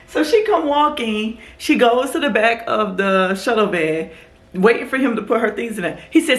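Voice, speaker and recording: A woman vlogger telling a casual story to her camera, animated and acting out what people said. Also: normal speed. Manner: animated storyteller, acts out quotes in a higher voice. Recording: echoey room.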